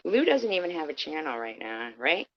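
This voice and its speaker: A woman's voice: low-pitched, very animated, fairly quick, heavy background noise. A woman livestreaming an angry, profane rant, confronting her critics head-on. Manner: heated, profane, confrontational, addresses critics directly. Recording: dull lo-fi stream audio.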